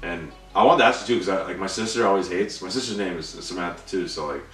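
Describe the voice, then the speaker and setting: A young man co-hosting a trailer reaction, chatting casually, excitable and swearing, his voice jumping up when worked up. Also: deep voice, quick pace. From Canada. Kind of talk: casual chat. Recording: echoey room, distant mic, faint music.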